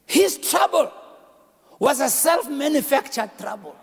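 A man preaching a sermon, shouting and half-singing his lines and calling out to the congregation. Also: very high voice, big pitch swings, a little slow, creaky. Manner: shouting, sing-song preaching with call and response. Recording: echoey hall with music behind.

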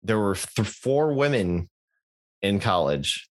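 Low-voiced young man rambling on a podcast. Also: big pitch swings, takes it slowly. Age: young adult. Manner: rambling, jokey, many fillers and restarts. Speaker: podcast co-host. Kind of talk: casual podcast chat.

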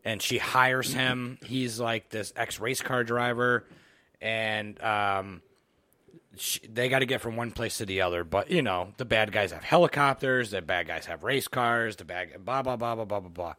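A man's voice: on the low side, unhurried, no echo. Rambling profane man, dry close sound. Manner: rambling, profane, animated storytelling. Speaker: podcast co-host. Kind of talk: casual chat about movies.

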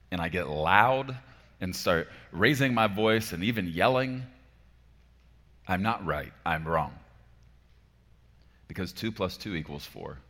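Deep-voiced pastor preaching in a reverberant hall. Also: male voice. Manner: emphatic, rhetorical questions, swings between soft and loud. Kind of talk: sermon.

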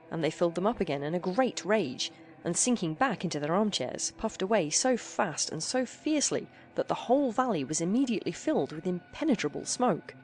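A woman narrating a classic story aloud in an animated, theatrical way. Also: lowish voice, a little fast.

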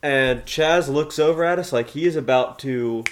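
A man's voice: medium pitch, moderate pace. A man who is a podcast guest in casual chat, telling a story and often chiming in with "right.". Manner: storytelling, says "right" a lot.

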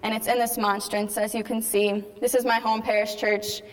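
A woman's voice: a little high, flat delivery, moderate pace. Teen girl telling her story in a reverberant hall. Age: teens. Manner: chatty storytelling, acts out quoted dialogue. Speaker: speaker giving a faith testimony. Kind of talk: personal testimony talk to an audience.

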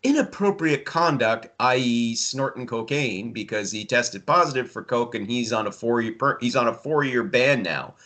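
Expressive, bright and forceful, this man's medium-pitched voice moves at a moderate pace with few pauses. He's a hockey writer and podcast regular, rambling sardonically about hockey in casual chat, full of fillers and dry sarcasm.

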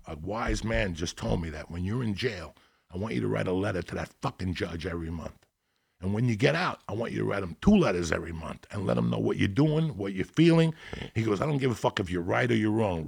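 Brief: raspy, low-pitched man, profane guest storyteller. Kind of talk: storytelling in a conversation.

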